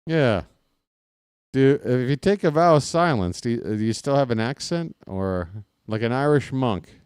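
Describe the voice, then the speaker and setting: A man's voice: mid-range voice, lively intonation, unhurried, a little mellow, clean tone, dry recording, clean studio sound. A man calling a baseball game live for his channel, mixing play-by-play with rambling jokes and chat with viewers. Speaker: play-by-play streamer. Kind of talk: casual baseball commentary with chat.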